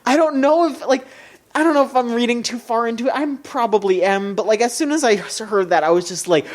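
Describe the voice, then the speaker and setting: Animated podcast co-host recapping anime. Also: a little fast. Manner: animated and swearing, pitch jumping up when excited. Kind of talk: casual chat, recapping an anime episode.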